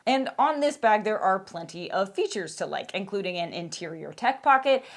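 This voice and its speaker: A woman's voice: medium pitch, expressive, moderate pace. A woman narrating a scripted outdoor gear review in a candid, wry, emphatic way.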